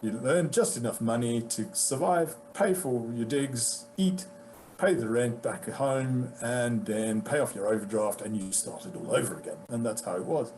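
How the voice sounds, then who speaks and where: A British man, an actor, telling casual anecdotes about his career with animated delivery, acting out the lines of people he quotes. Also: medium pitch, moderate pace, low-quality recording. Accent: British English. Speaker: guest actor. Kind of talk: casual storytelling.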